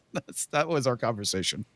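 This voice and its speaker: A man's voice: mid-range voice, no echo. A man hosting a casual comedy talk show, reading out silly texts and laughing while he talks. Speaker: podcast host.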